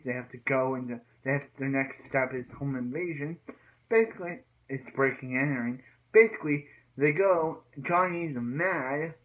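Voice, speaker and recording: A man's voice: mid-range voice, a bit bright, highs cut off. A man casually recapping TV fight scenes, rambling with filler words and sound effects. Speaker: show recap vlogger.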